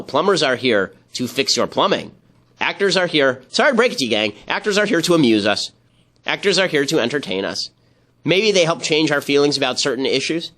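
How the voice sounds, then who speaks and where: A man's voice: medium pitch, fairly bright tone. Sarcastic man hosting political commentary. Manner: sarcastic, rapid mocking asides. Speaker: commentary host.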